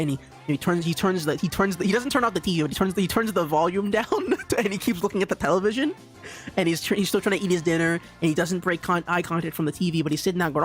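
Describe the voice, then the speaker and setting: A man's voice: high voice, quick pace, soft background music. A young man streaming live, rambling casually and stammering through many restarts and repeats.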